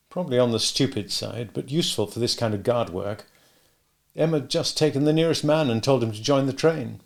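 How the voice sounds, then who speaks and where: A man narrating an audiobook in a steady, measured way. His voice sits at a middle pitch and has a gravelly, creaky texture.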